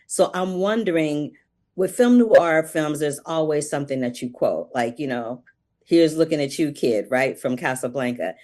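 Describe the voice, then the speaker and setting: A woman's voice: low-pitched, expressive, normal speed, darkish tone. A woman hosting an interview, asking questions in a playful manner and laughing readily. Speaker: interview host. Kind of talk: casual interview.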